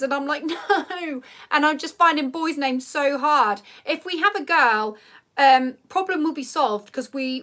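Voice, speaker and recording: A woman's voice: a little high, a bit bright. A woman, chatting casually at home as host of a livestream, rambling with lots of ums. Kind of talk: casual live chat reading comments.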